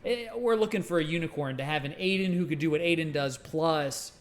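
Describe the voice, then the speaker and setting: A man's voice: fairly high pitch, fairly quick. A man co-hosting a casual streamed chat show, rambling and emphatic, swearing casually. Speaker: co-host.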